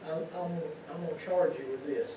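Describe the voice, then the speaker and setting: Fairly quick and on the high side, this lay preacher's folksy sermon is full of rhetorical questions aimed at the congregation. Background noise runs under the recording, which comes from a church sanctuary and sounds muffled, echoey and far away.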